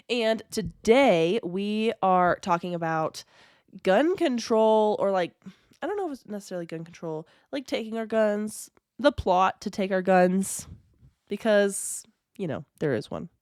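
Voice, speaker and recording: A woman's voice: mid-range voice, lively intonation, measured pace, darkish tone, no echo, studio quality. A woman in her thirties from Colorado hosting a casual podcast, stuffy from a cold, rambling with lots of fillers. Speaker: podcast host. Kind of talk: casual conspiracy podcast chat.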